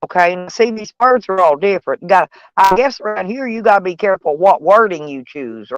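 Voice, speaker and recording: A woman's voice: medium pitch, animated, brisk, dry recording. Rambling woman, dry close sound. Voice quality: folksy, salty, rambling. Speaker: vlogger. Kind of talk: casual rambling chat to viewers.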